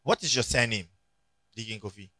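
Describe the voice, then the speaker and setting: A Ghanaian man preaching a sermon in church, telling stories and rising to loud emphatic peaks. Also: fairly low pitch, a little fast, no room sound. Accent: Ghanaian English. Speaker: pastor. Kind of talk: sermon with anecdotes.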